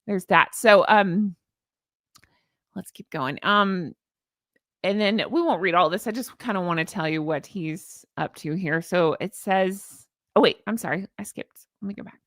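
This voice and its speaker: A middle-aged woman hosting a casual commentary stream, sarcastic and animated, reading out an article and answering her live chat. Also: fairly low pitch, measured pace, no echo, studio quality. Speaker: commentary channel host.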